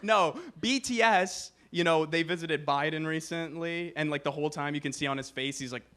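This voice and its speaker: A young man doing a stand-up set on a comedy club stage, animated and profane, with quick asides. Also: fairly high pitch.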